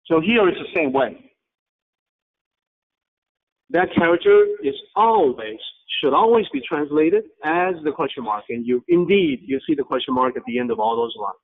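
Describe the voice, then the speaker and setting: Patient male teacher over a tinny line. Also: a little high. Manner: patient, explanatory, halting phrases. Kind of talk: online class lecture.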